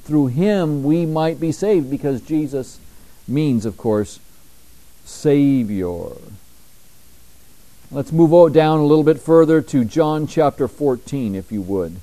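A male pastor delivering an emphatic sermon, slowing down deliberately when he reads scripture aloud. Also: fairly high pitch, expressive, dark tone. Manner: emphatic preaching, slows down to read scripture.

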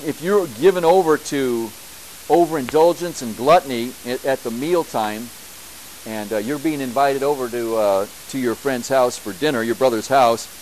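A man preaching a church sermon, building to emphatic, repeated bursts and then dropping back to a quieter teaching tone. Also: medium pitch, slight background noise, poor audio. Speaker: pastor.

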